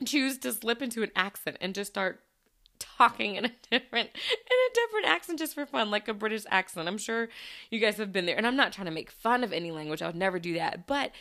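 A woman's voice: medium pitch, sing-song, fast talker, pushed and bright. A young adult woman, a former teacher hosting a podcast, chatting casually and laughing often with loose, rambling restarts. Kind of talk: casual chat.

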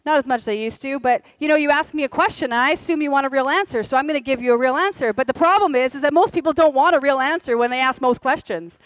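Woman pastor preaching, high voice, dry close sound, blunt and candid, humorous. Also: fast talker, hardly any pauses, no room sound, low-quality recording. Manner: straightforward, candid and humorous, with stretches of quieter earnest delivery. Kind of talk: sermon.

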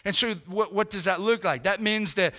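A man's voice: high voice, normal speed, pushed and bright. A male pastor preaching a sermon in an emphatic, direct way, talking to his congregation.

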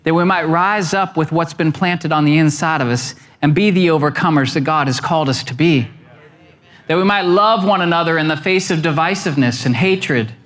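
A man preaching a sermon as pastor, animated, with wide swings in pitch and emphatic questions.

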